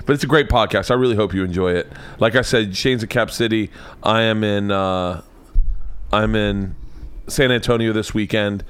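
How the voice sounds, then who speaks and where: A man's voice: fairly low pitch, steady tone, normal speed, a bit bright, clean tone. A man hosting his podcast, rambling in casual chat and often restarting his sentences. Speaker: podcast host.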